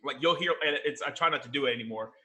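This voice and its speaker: Bright animated man explaining. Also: mid-range voice. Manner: animated, explanatory, fast bursts. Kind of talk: casual chat.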